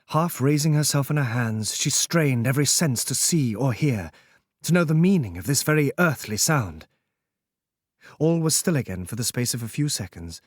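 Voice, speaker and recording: A man's voice: mid-range voice, no room sound. Man reading a classic novel, dry sound. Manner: measured, solemn reading. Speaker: audiobook narrator. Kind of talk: scripted narration of a classic novel.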